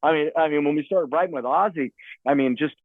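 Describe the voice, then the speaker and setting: A man's voice: a little high, fast talker, no echo. A man telling a rambling, profanity-laced story as a podcast guest, repeating himself as he goes, over a tinny phone-like line. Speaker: guest musician. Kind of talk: casual storytelling.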